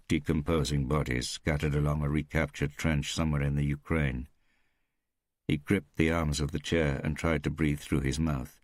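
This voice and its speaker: Very deep-voiced male audiobook narrator. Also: a little mellow, no echo, clean studio sound.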